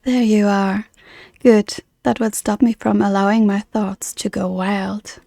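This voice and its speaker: A woman reading aloud the lines of an earnest, formal woman guardian from a game, in a measured, soft-spoken way. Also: medium pitch, level tone, vocal fry, no echo, clean studio sound.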